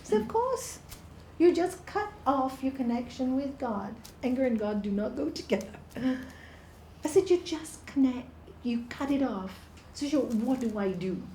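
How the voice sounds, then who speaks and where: Woman speaker, high mellow voice, unhurried, roomy studio sound. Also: lively intonation, a little hiss or hum. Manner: soft, unhurried, hushed in the meditation parts. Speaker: spiritual speaker. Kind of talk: informal inspirational talk. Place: yoga studio.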